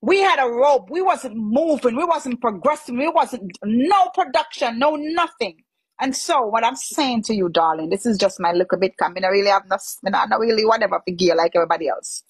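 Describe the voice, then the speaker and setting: A woman's voice: on the high side, lively intonation, fairly quick, breathy edge, no room sound, poor audio. A Jamaican woman giving her opinion in a casual, conversational way, sometimes searching for words.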